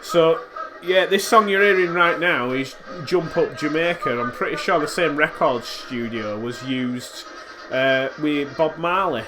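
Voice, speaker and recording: A man's voice: a little high, measured pace, over music. A man with a Yorkshire accent hosting a podcast, giving blunt, jokey and sweary commentary while he watches a film. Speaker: podcast host.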